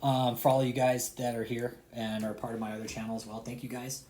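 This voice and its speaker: A man in the middle of a heated, swear-heavy rant. His voice sits at an ordinary middle pitch. He lurches from loud outbursts to low, muttered sarcasm and keeps repeating himself. The sound is roomy and echoey. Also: little pitch movement, fairly quick. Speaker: online commentator. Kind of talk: heated profane rant to subscribers. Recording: roomy echo.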